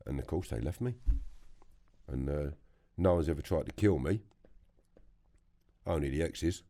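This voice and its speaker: A man with a London accent telling his story as a podcast guest, blunt and animated, swearing freely. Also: extremely low pitch, normal speed, long pauses. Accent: London English. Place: podcast studio.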